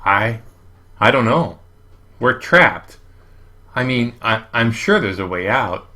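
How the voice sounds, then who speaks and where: A man's voice: mid-range voice, animated, slow pace, bright, forceful tone. A man voicing a pushy boy gamer friend. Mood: nervous.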